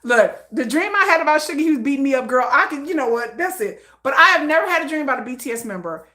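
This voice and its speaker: A woman vlogger telling a story in a chatty, animated way with lots of fillers. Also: sits high, fast, reverberant. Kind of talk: casual storytelling.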